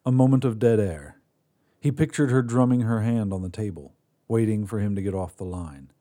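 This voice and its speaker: A man hosting a fiction podcast, reading a short story in a measured way that drops quiet on sad moments. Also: lowish voice. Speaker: podcast host and narrator. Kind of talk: scripted story narration.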